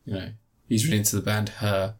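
Brief: male film-chat host, sarcastic, rambly, slips into quick silly voices. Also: lowish voice, level tone. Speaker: film reviewer. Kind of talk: casual film recap chat.

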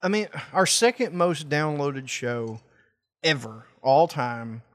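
A man's voice: fairly high pitch, expressive, a bit bright. A man co-hosting a casual podcast, wry and profane, drawing out his lines. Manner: profane, wry, drawn-out delivery. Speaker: podcast co-host.

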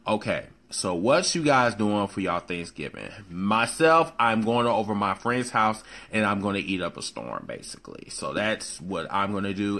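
A man's voice: deep voice, sharp tone. A man hosting a live show, chatting loosely with viewers, greeting them by name and swearing casually. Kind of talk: casual live-stream chat.

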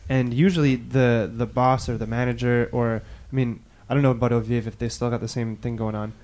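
A man's voice: mid-range voice, fairly even intonation, brisk, darkish tone. Rambling laid-back male podcast host. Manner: rambling, full of fillers, laughs a lot. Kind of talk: casual chat.

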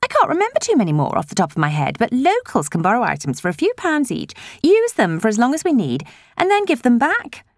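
A woman reads as a chatty village busybody from a storybook, pitched high and bubbling, words swooping up and down as she gushes without a pause. The sound is close and dry, with no room around it. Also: wildly swooping pitch, dry recording. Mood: gushing. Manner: gushing, breathless chatter. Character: chatty nosy middle-aged village woman. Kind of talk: audiobook character voice.

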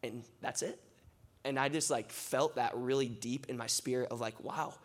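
A young man speaks in a loose, conversational way, leaning hard on filler words as he tells his stories. His pitch sits in the middle range for a man. This is a testimony-style sermon given to a church gathering. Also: steady tone, moderate pace. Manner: casual, filler-heavy storytelling with many "like"s; rising, impassioned closing prayer.

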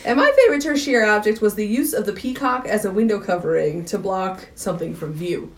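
A woman's voice: medium pitch, expressive, a little fast. Giggly, chatty woman co-host. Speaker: podcast co-host. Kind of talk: casual movie review chat.

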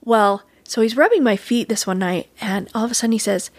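A woman guest telling a personal story in an interview, earnest and animated, acting out quoted dialogue as she goes. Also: on the high side, a little fast, husky, dry recording.

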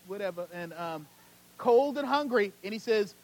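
A pastor preaching a sermon in a church, swinging between loud, urgent peaks and hushed, low passages. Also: male voice, lively intonation, normal speed, slight background noise, rough recording. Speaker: senior pastor.

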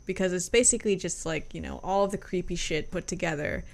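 A woman's voice: on the low side, fast. A woman co-hosting a music review, chatting casually, laid-back and hedging, laughing often.

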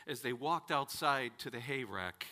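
A man preaching a sermon, telling stories and acting out their characters with dramatic pauses. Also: mid-range voice, animated, pushed and bright.

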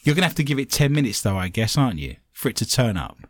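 A man hosting a comedic chat show, joking in an animated way and slipping into silly voices. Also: medium pitch, racing, dry recording. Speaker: show host.

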